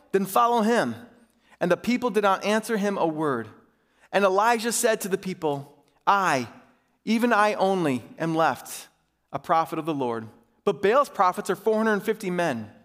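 High-voiced male pastor reading scripture. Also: very animated, a little slow, fairly bright tone, in a large hall. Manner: reads scripture aloud, then stops to comment in everyday speech.

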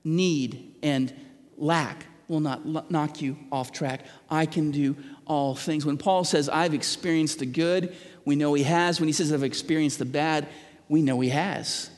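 A man's voice: a little high, steady tone, a little slow. A middle-aged man, a pastor, preaching earnestly to a congregation, stumbling over restarts and asking the people questions. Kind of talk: sermon. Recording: long hall reverb.

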